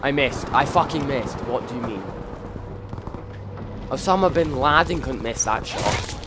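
A man's voice: medium pitch, expressive, a little slow, heavy background noise. A man in party chat trash-talking during a shooter match, throwing out goofy insults. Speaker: gaming friend in party chat. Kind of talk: casual trash talk during gameplay. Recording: loud game gunfire under voice.

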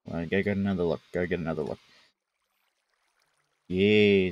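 Man, game streamer, live commentary, playful banter, low-pitched. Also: fairly even intonation, moderate pace, long pauses, muffled recording.

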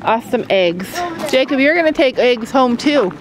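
Older woman, family vlog host, high-pitched and chatty, laughs a lot, noisy handheld camera audio. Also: expressive, normal speed. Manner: chatty, laughs often, coaxes children gently. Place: family farm, indoors and by the chicken coop.

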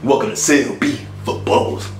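A man voicing a flirty male jail cellmate with a slow, sultry drawl, in a puppet comedy. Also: mid-range voice, reverberant, over loud music, close to an everyday voice.

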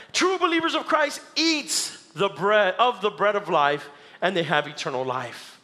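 A man preaching a sermon as pastor, animated, acting out the crowd and dropping low and soft for scripture. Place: church sanctuary.

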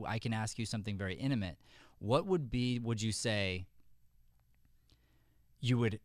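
A male acting teacher talks a student through notes on a video call. His voice is smooth and resonant, heard close and dry with no room sound, and he coaches with friendly restarts. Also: fairly low pitch, no room sound. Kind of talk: giving feedback on a video call.

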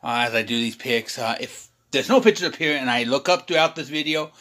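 Male vlogger, mid-pitch, loose and rambling, self-deprecating host talking to camera at home. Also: a little fast, pushed and bright. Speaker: sports channel host. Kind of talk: casual sports picks vlog.

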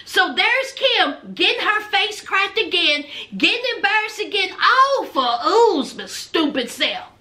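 High bright sassy woman vlogger. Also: very animated, a little slow. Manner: chatty, sassy storytelling with quoted lines. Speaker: reality TV recap vlogger. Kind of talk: casual recap commentary.

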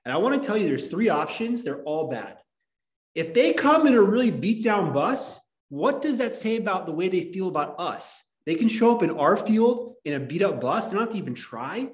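Need a fake fired-up cheesy coach, mock-intense, pitched up, echoey room, put on by a male teacher. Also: sing-song, moderate pace. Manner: mock-intense pep talk.

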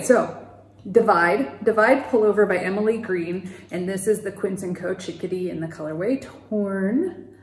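A woman hosting a knitting podcast, talking casually and rambling a little, with fillers and the odd laugh. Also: medium pitch. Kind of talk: casual knitting video chat. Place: home. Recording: echoey room.

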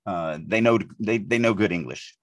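A man from the Deep South, co-hosting a podcast and talking through writing edits in an animated way, often restarting his sentences. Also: moderate pace, no echo. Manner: animated, thinks aloud with frequent restarts. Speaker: podcast co-host, writing editor. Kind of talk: casual podcast discussion.

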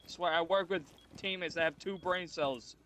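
A man's voice: on the high side, steady tone, normal speed, crowd noise. A young man with a slightly raised voice vents during a gaming session. He stumbles over his words and swears heavily. He speaks into a headset mic. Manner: ranting, stumbling, swears a lot. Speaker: gaming friend. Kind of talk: casual gaming chat.

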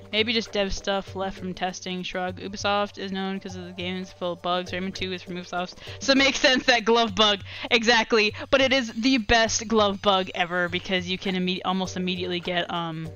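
Woman, game streamer, casual live commentary, excitable, rambling, bright tone. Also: on the low side, highs cut off. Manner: rambling and excitable, restarts and laughs often.

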